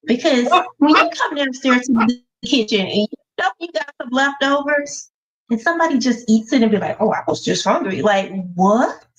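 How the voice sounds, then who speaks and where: A woman's voice: sits high, normal speed. Female co-host, blunt interrupter; lo-fi muffled mic. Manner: blunt, excitable, cuts in. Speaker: podcast co-host. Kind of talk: casual TV review chat. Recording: dull lo-fi mic.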